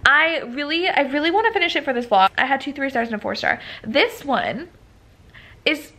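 A young woman records a casual reading vlog at home at night, her voice bright and a little high with a gravelly fry at the ends of phrases. She rambles freely, filling pauses with "like" and trailing off into "I don't know.". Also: animated. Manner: rambling, frequent "like" fillers. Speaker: book vlogger.

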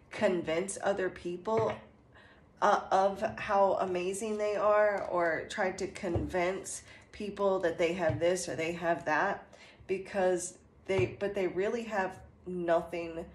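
A woman giving a channeled tarot reading in a slow, earnest way, meandering with many fillers and restarts. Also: fairly low pitch, slight background noise. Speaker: tarot reader. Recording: echoey room with faint ambience.

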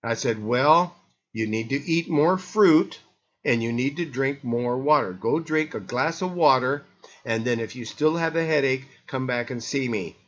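A man's voice: medium pitch, measured pace, fairly bright tone. Rambling older man on a dull lo-fi line. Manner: rambling, many restarts and fillers. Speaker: health show host. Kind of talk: casual radio talk.

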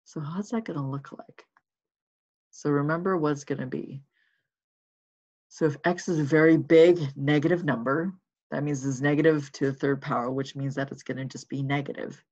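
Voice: medium pitch, steady tone, moderate pace, a little mellow. A math teacher casually talking through worked problems in a recorded lesson, thinking aloud while writing and checking in with listeners. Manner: encouraging and reassuring. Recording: slightly muffled lo-fi recording.

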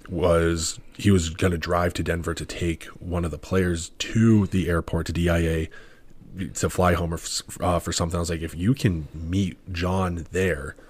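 A man's voice: sits low, husky. A young man in his twenties telling a rambling, self-correcting story as a podcast guest, acting out each person's lines. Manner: rambling, self-correcting, quotes others in dialogue. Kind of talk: casual storytelling.

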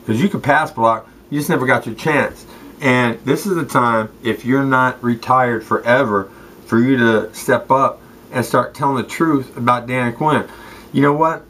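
Profane ex-athlete ranting to camera, mid-pitched, slangy and confrontational. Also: male voice, a bit bright, poor audio. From Southern California. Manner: street slang, addresses people directly, repeats "straight up" and "okay". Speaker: former football player. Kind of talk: rambling profane rant to the camera.

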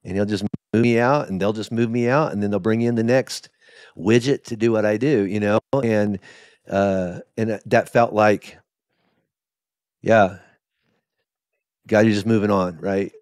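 A middle-aged man, a pastor, telling his story in a candid interview, halting with many restarts. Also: lowish voice, steady tone, darkish tone, no echo, clean studio sound. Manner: emotional, halting, with many restarts and quoted asides. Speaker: lead pastor.

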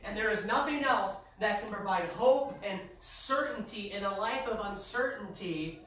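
A man's voice: high-pitched, moderate pace, distant mic. Man, pastor, emphatic sermon, heard from afar in a very echoey church. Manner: emphatic preaching, rising to shouts. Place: church sanctuary.

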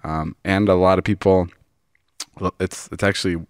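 A man hosting a podcast, telling a story in casual chat, animated, swearing often and laughing as he goes. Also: deep voice, normal speed, smooth, no room sound, clean studio sound. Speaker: podcast host.

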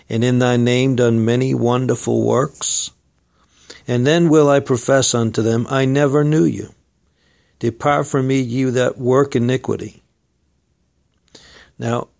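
Gravelly-voiced man preaching a sermon. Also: medium pitch, a little mellow. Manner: earnest, exhorting, addresses listeners as friend and folks.

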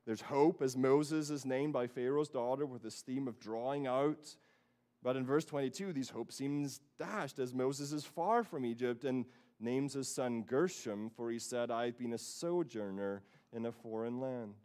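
A man's voice: mid-range voice, unhurried. Storytelling man preaching a sermon. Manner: storytelling, acting out lively quoted voices. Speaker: pastor. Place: church sanctuary.

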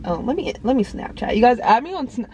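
Talking fast with big pitch swings, this woman has a highish voice with a dark tone, and a little hiss or hum runs under the audio. She's an early-twenties vlogger rambling casually to viewers, full of fillers, as she films herself on a phone inside a parked car.

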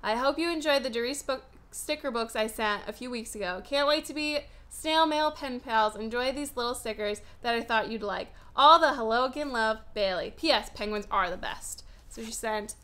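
At home in a room with an open window, a young stationery vlogger opens fan mail and reads the letters aloud in a casual, chatty unboxing. Her voice is a little high and bright, she talks at a normal speed, and "like" crops up constantly as a filler.

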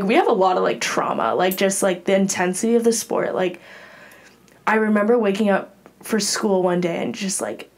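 A young adult woman, a college gymnast, telling a candid personal story as a podcast guest in an earnest way, with many fillers. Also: medium pitch.

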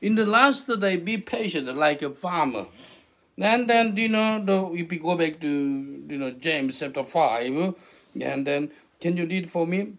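Animated husky male preacher, high voice. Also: a little slow. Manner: animated, questions the listeners, broken English. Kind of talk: interactive sermon.

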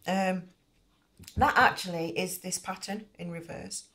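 A woman's voice: on the low side, steady tone, unhurried, sharp tone. A middle-aged woman hosting a crochet channel, explaining at length in a rambling casual way with many fillers and restarts.

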